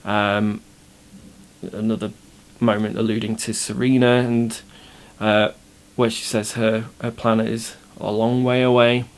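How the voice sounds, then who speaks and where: A man's voice: on the low side, flat delivery, unhurried, pauses often, clear, resonant tone. A man who writes and runs the show, giving casual behind-the-scenes commentary. He explains his ideas with enthusiasm, often restarting mid-sentence.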